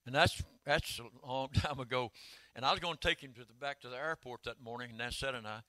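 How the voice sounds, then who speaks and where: An older man, preaching a sermon in a folksy storytelling way that swells into shouted calls. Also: medium pitch, brisk, no echo. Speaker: pastor.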